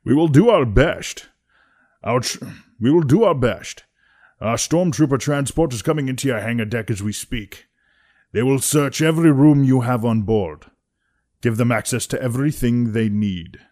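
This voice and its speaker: A man's voice: medium pitch, lively intonation, a little slow, dark tone, pitched above the performer's own voice, lightly acted. A man voicing an older Imperial commander in a voice audition, with a Sean Connery impression. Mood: stern. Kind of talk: voice audition reading.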